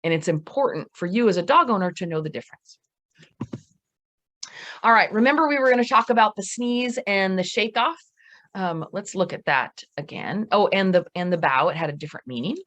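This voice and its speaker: Lively woman giving a dog-training lecture. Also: mid-range voice. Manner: lively, emphatic, talks fast at times. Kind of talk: seminar lecture.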